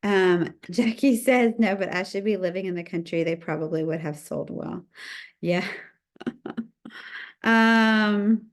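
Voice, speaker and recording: A woman's voice: mid-range voice, slow, pauses often. A middle-aged woman, chatting bubbly and casual as she hosts a livestream cookie decorating lesson and greets viewers by name. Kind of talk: livestream tutorial chat.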